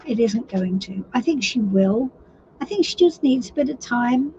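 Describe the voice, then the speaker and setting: A woman's voice: fairly high pitch, animated, normal speed, dark tone. A woman giving a live tarot reading to viewers, chatty and sympathetic, often restarting her sentences. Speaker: tarot reader. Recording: slightly dull lo-fi stream audio with faint noise.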